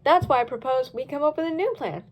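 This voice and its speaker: A sensible, fretful boy Dalmatian pup, voiced by a woman, firm when he refuses a plan. His voice runs high and jumps around with alarm. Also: expressive, fast, dull audio.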